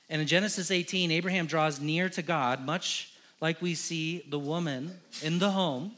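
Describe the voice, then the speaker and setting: Fervent male pastor, slightly high voice. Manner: impassioned, swings from hushed to loud, acts out dialogue; repetitive, emphatic lists. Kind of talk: sermon. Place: church.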